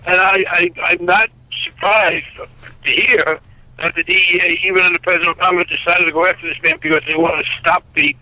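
An older man in his seventies speaks over a telephone line with a high, very sharp and bright voice. He is blunt and wry, emphatic, often stumbling through restarts. The sound is dry and close. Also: steady tone, fairly quick, dry recording. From United States. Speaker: congressman, interview guest. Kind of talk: political interview by phone.

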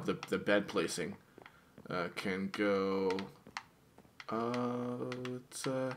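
A man's voice: on the low side, noisy background. A man casually commenting on his video game play, playful and chatty, talking to the animals in the game. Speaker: gamer.

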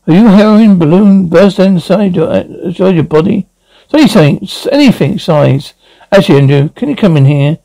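A man voicing an excitable cartoon character in animated series dialogue. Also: high-pitched, a little fast, gravelly, rough recording.

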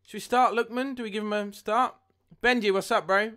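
A young man live-streaming a football game, chatting with viewers and getting excited at near misses. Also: sits high, a little fast. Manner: chatty, reads chat aloud, excitable at goals. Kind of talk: live gameplay commentary and chat.

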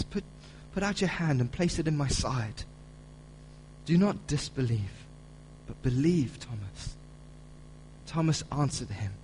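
A man preaching a sermon as pastor, building to loud, emphatic delivery when he reads scripture. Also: mid-range voice, a little hiss or hum, low-quality recording. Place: church auditorium.

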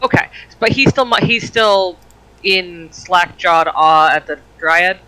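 A man's voice: sits high, takes it slowly, sharp tone, smooth, poor audio. A man playing in a tabletop game, chatty and self-deprecating about rules. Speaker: player.

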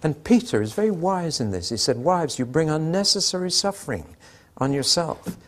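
A man's voice: on the high side, sing-song, moderate pace, slight background noise. An older man preaching a sermon, telling anecdotes with dry humour and acting out the dialogue.

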